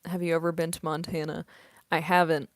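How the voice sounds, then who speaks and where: Soft-spoken young woman, dry close sound. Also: deep voice, level tone, fairly quick, no room sound. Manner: quiet, soft-spoken, laughs often. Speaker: voice actress. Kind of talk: casual late-night Q&A chat. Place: home at night.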